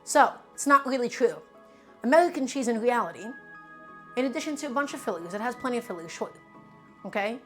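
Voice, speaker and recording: A woman's voice: fairly high pitch, expressive, fairly quick, pauses often, faint music behind. A woman chatting casually through a live cooking stream, emphatic and talking to her viewers as friends.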